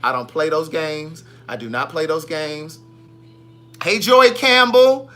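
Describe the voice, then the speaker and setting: A man's voice: a little high, slow pace, slight background noise. A man hosting a casual live stream, greeting viewers by name in a playful, sassy way. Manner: playful, sassy, animated shout-outs. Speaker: livestream host.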